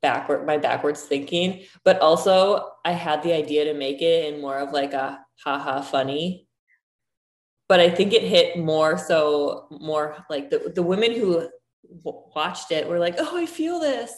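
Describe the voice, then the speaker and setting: Woman, thirties, casual filler-heavy chat, low pitch, roomy echo. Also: measured pace. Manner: chatty, lots of "like" fillers.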